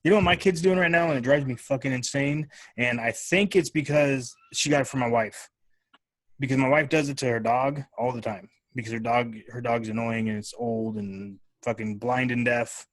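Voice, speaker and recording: A podcast host, a man, tells family stories in loose, profanity-filled chat. His voice sits at an ordinary pitch. It sounds dry and close, with no room echo. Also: normal speed. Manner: profane, animated storytelling. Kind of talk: casual chat.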